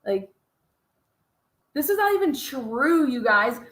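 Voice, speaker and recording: A woman's voice: high voice, very animated, takes it slowly, fairly bright tone, roomy sound. A woman host giving mocking, profane reaction commentary, swearing and laughing in disbelief. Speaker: podcast host reacting to a clip.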